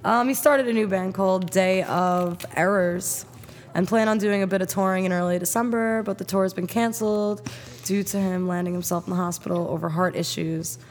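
A woman's voice: mid-range voice, moderate pace. A woman co-hosting a chat show, casually reading out news items and skipping parts. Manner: plain, slightly flat reading, skips with "blah blah". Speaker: podcast co-host reading news. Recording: long reverb.

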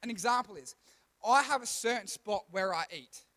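A man preaching a casual youth sermon, retelling scenes in slangy, animated style. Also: sits high. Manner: slangy, animated storytelling with quick asides. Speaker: youth pastor.

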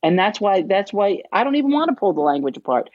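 A woman's voice: medium pitch, big pitch swings, quick pace, darkish tone, no echo, highs cut off. A middle-aged woman, a former English teacher, talking as a podcast guest in a blunt, emphatic, profane way, explaining like a teacher. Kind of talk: casual podcast chat.

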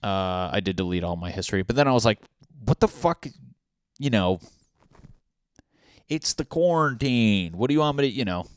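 Deep-voiced man ranting crudely. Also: animated, fast talker, hardly any pauses, clear, resonant tone, dry recording, studio quality. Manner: crude, profane, rambling with many fillers. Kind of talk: casual comedic rant. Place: home apartment.

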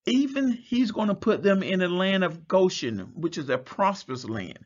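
A man with a fairly high, husky voice preaches a Bible study. His pitch swings widely as he reads scripture and drives home each point. The recording is dull and lo-fi, with faint music underneath. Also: lively intonation, normal speed, few pauses. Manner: reads scripture aloud and explains it, stretching words for emphasis.

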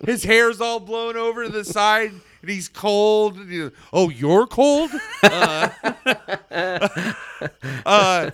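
Man, casual chat, rambling and excitable, slightly high voice. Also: slow, clean tone, no room sound. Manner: excitable, rambling, filler-heavy storytelling.

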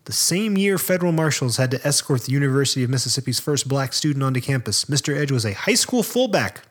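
This is a man co-hosting a chatty podcast, his voice sitting at an ordinary middle pitch. He reads through a written profile but keeps breaking off with dry, joking asides to his co-host. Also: big pitch swings, quick pace. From American South. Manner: reads aloud with asides and laughs. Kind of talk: casual podcast banter.

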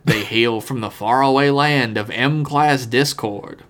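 A booming, solemn sports-film narrator, as a man puts him on, reading with the grave weight of an old football highlight reel. His middle-pitched voice moves at a steady, deliberate announcer's pace. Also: slight background noise. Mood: grandiose. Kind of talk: dramatic mock narration.

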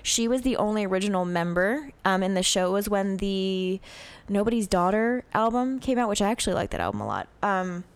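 A woman's voice: medium pitch, lively intonation, a little fast, clean tone. A woman in her thirties co-hosting a podcast, chatting and gushing with lots of ums and likes. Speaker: podcast co-host. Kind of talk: casual chat.

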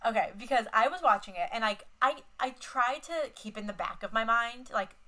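Young woman, podcast co-host, casual chat, bright voice, fairly high pitch, lots of "like" and cursing. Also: a little fast, poor audio. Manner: swearing, animated retelling with many fillers.

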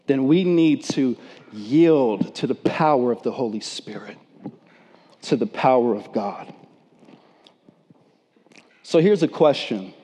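A man preaching a sermon in an unhurried, deliberate way, his voice mellow and dark but set a little high. He leans hard on key words and slips into casual, slangy voices for the people in his story. Long reverb trails behind him, as in a big hall. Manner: emphatic, acts out quoted voices in slangy talk.

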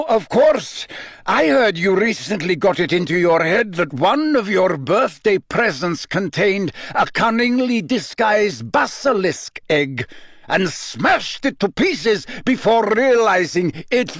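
A man's voice: sits high, big pitch swings, slow, a bit bright, no room sound, pitched above the performer's own voice, full character voice. Man putting on a sneering, cold headmaster. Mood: cold mocking. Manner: mocking, condescending.

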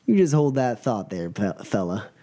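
Casting: smooth-talking outlaw thug, played by a male game master, folksy and threatening. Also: on the low side, sing-song, normal speed, mellow. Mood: menacing. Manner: folksy drawl, mock-friendly, threatening. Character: menacing drawling male outlaw with knife.

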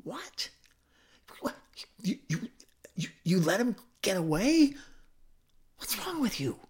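A man voicing a group of soldiers who react in hushed disbelief. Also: high voice, sing-song, slow pace, voice pushed up, heavily acted. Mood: incredulous.

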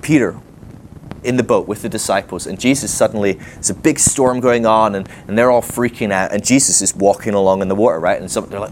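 A man preaching to a live group in a conversational sermon, animated and chatty, with frequent asides and rhetorical questions. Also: mid-range voice, fairly quick, a little hiss or hum. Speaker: guest preacher. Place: teaching session before a live group.

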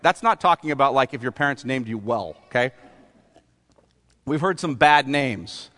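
A man's voice: medium pitch, moderate pace, a bit bright, big-room sound. A man preaching a sermon as pastor, talking in a conversational way and often asking the congregation rhetorical questions.

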